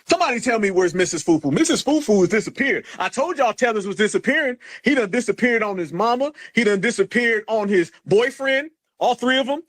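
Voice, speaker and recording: American guy hosting a stream, high voice, mocking and taunting nonstop. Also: expressive. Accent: American English. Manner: mocking, taunting, loud and rapid insults. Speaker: livestream host. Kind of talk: heated livestream argument.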